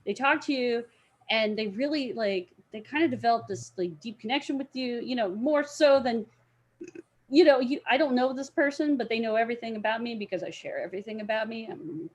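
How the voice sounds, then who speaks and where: A woman's voice: a little high, brisk. A young woman, a cosplayer guest on a podcast, telling a story in casual chat and acting out the voices of the people in it. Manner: animated, acts out voices in stories.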